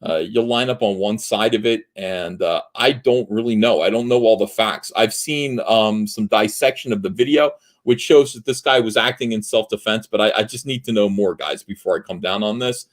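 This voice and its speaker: A man hosting a livestream, ranting in a heated, profane way with many filler pauses. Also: lowish voice. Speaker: livestream host. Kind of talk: livestream commentary rant.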